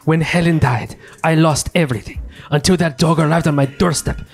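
A menacing crime boss with an over-the-top Swedish accent, put on by a man for an improvised comedy acting game. He delivers a theatrical villain monologue in a high, gravelly voice. Faint music plays underneath. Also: fairly quick, lightly acted. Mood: mock menacing.

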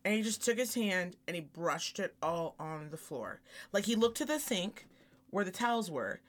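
A woman's voice: fairly low pitch, big pitch swings, moderate pace. A woman co-hosting a chatty podcast, telling candid and comic stories. She jumps into quoted voices as she goes, and her delivery stays loose and conversational. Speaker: podcast co-host. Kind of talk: casual chat.

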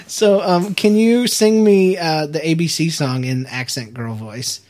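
Laughing, teasing dad hosting a show. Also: male voice, fairly high pitch, unhurried, a little mellow. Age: adult. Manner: laughs often, teasing and amused. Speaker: father hosting a home show with his daughter. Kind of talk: casual playful chat.

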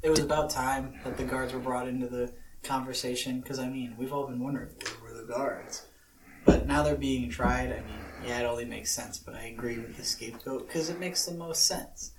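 A man's voice: medium pitch, steady tone, a little fast, recorded from a distance. A man joking dryly as a podcast co-host in a casual chat. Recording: echoey room, away from mic, noisy.

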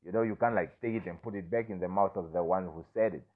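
A man's voice: low voice, quick pace. A young man in a candid, rambling personal monologue, swearing often and restarting sentences, who keeps asking "you understand me?". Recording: tinny phone-like audio.

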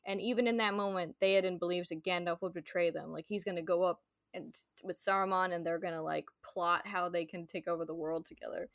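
A woman's voice: lowish voice, steady tone, brisk, a bit bright, dry recording. Chatty woman podcast host, dry sound. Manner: chatty, heavy on "like" fillers, paraphrases characters playfully. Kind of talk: casual chat.

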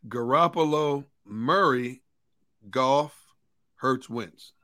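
A man's voice: mid-range voice, drawn-out words, sharp tone. A man co-hosting a casual sports talk show, playful and teasing, with a Philadelphia-area accent.

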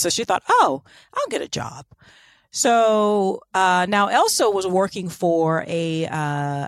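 A woman's voice: fairly low pitch, no room sound, clean studio sound. A woman co-hosting a podcast, telling a life story in casual, irreverent chat. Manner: chatty and irreverent, apologetic about pronunciation. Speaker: podcast co-host.

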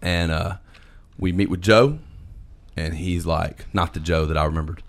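A man telling a long story in casual chat, animated, swearing and quoting his friends. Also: sits low, moderate pace.

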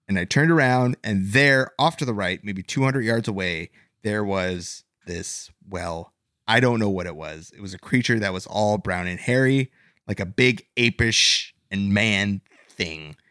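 A man's voice: on the low side, a bit bright, no echo. A man voicing a startled adult male swamp witness with a fumbling attempt at a Boston accent, read in a dry room.

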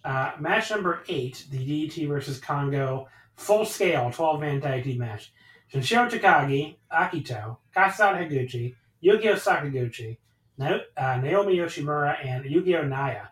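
Podcast host, male, slightly high voice, excitable and profane, recorded in an echoey room. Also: normal speed, distant mic. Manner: excitable, swears freely. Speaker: podcast host reviewing wrestling. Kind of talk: casual chat.

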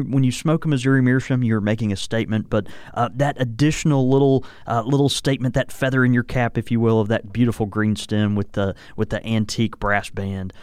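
A man's voice: mid-range voice, clear, resonant tone, dry recording, studio quality. A man co-hosting a podcast, chatting easily with many ums and uhs as he talks through a sponsor. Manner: relaxed, many ums and uhs, trailing restarts. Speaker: podcast co-host reading a sponsor segment. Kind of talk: casual chat.

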